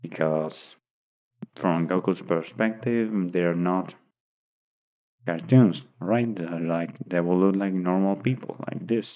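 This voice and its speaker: A man's voice: deep voice, slow pace. A man improvising a story aloud, rambling and thinking as he describes pictures, recorded on tinny phone-like audio. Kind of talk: unscripted story narration.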